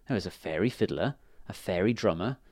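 A man reading fairy tales aloud to children in a lively, expressive way. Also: low voice, a little fast, no room sound, clean studio sound. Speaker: storyteller.

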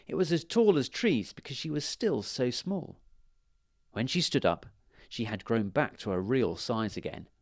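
A man reads a children's storybook aloud, gentle and expressive. His pitch rises and falls freely across a middle voice. The recording is dry and close, with no room sound. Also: a little slow, no echo.

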